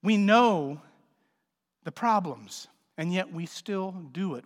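A male pastor delivers a sermon with a notably high-pitched voice, casual and joking between forceful swells of emphasis. The sound rings with a long hall reverb. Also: lively intonation, takes it slowly. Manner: conversational, joking preacher with sudden emphatic swells.

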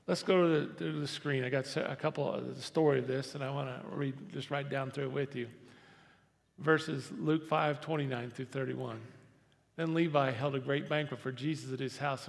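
A man's voice: mid-range voice, gravelly, long reverb tail. A man preaching a sermon as pastor in a church sanctuary, conversational and repetitive, rising to emphatic stress.

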